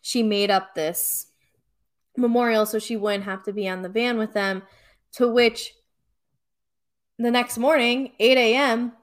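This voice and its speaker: A woman podcast co-host in easy, chatty talk, with a voice pitched a little high. She keeps things lively, laughing easily and slipping into quick impressions of the people she discusses. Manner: chatty, animated, laughs often, acts out quotes. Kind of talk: casual chat recapping reality TV.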